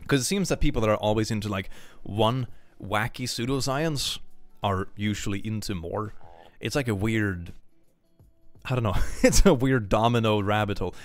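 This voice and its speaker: A young man chatting casually on a livestream, reading viewer messages aloud, animated, laughing often and repeating phrases. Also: on the low side, moderate pace, no room sound. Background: faint background music.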